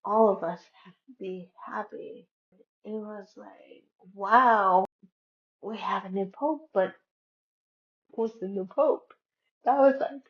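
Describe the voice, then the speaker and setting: Woman, casual vlog storytelling, chatty, unhurried, gravelly voice. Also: medium pitch, a little mellow, highs cut off. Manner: chatty, retells conversations with many "I'm like" quotes. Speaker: vlogger.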